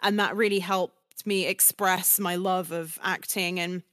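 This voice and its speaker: A woman's voice: lowish voice, fairly even intonation, unhurried, a bit bright, no room sound, studio quality. Giggly woman voice actor. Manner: chatty, giggly, full of fillers. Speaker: voice actor guest. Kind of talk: casual interview chat.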